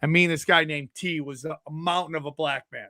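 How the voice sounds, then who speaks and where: A man's voice: on the high side, fast talker, no echo, clean studio sound. A man hosting a podcast, chatting casually, swearing freely and acting out the people in his stories. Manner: animated, swears freely, acts out quotes. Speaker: podcast host. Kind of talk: casual chat, storytelling.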